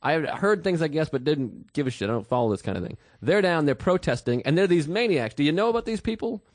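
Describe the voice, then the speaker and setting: A man hosting a podcast, telling a profane comic story in a casual, animated way. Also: on the high side, quick pace, dry recording. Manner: profane, animated storyteller who bursts into shouted quotes. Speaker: podcast host.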